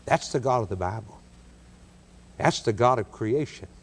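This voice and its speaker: A man preaching a sermon, telling stories dramatically and building cadenced lists, with big swings in pitch and pace. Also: animated, moderate pace, breathy edge.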